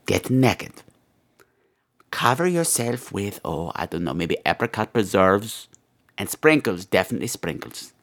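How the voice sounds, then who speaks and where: Man doing a campy gargoyle advice host, crude and theatrical, bright, swooping voice. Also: fairly low pitch, sing-song, unhurried, gravelly, pauses often. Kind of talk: comedy podcast advice segment.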